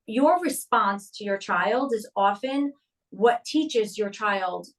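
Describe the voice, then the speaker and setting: A woman therapist in a conversational interview, explaining her work calmly with frequent fillers. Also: medium pitch, takes it slowly, far from the mic. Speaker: early childhood therapist.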